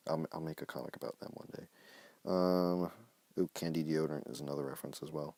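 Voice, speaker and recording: A man with a low, deep voice reads his own comic on a phone live stream. He keeps breaking off for jokey, self-mocking asides. The sound is dry and close. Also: steady tone, brisk, mellow, no echo. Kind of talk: casual live-stream reading with commentary.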